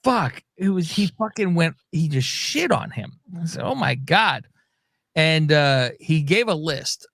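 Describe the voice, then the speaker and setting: A man's voice: on the high side, moderate pace, dry recording, studio quality. A man co-hosting a podcast, recapping wrestling in a casual, profane way. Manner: profane, animated recapping with quoted voices. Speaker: podcast co-host.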